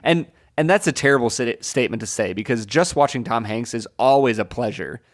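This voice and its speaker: A man's voice: medium pitch, lively intonation, brisk, no room sound. Man talking films, dry close sound. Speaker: podcast co-host. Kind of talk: casual film discussion.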